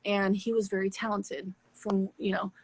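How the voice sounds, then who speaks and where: A woman hosting a live stream, telling a personal story in a candid, animated way with plenty of swearing. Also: medium pitch, moderate pace, no room sound. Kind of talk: casual storytelling chat. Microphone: phone on a live stream.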